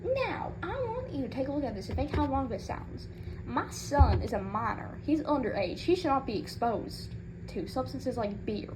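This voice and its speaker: A high-pitched woman with big pitch swings, speaking at normal speed, performs a comedic rant in character as a proud mother. She's sassy, rambling, and indignant on her son's behalf, using Southern-style turns of phrase, with noticeable background noise.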